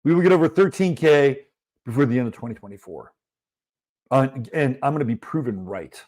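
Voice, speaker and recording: A man's voice: mid-range voice, animated, fairly quick, darkish tone. A man hosting a casual livestream, chatting loosely and greeting viewers in the chat one by one. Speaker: livestream host.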